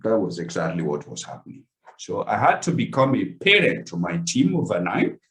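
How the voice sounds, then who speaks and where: A lowish male voice with a lively, rising and falling delivery. He recounts a painful loss to people on a webinar call and swings between heavy quiet moments and urgent emphasis. English is not his first language. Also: moderate pace, low-quality recording. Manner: earnest, storytelling with emotional swings. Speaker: webinar presenter. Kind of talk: personal story in a webinar pitch.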